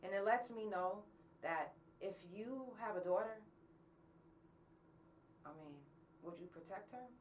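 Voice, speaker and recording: A woman's voice: mid-range voice, measured pace, long pauses, recorded from a distance, slight background noise. A woman hosting a podcast, talking bluntly and angrily to her listeners and swearing often. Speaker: podcast host. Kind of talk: candid monologue to listeners.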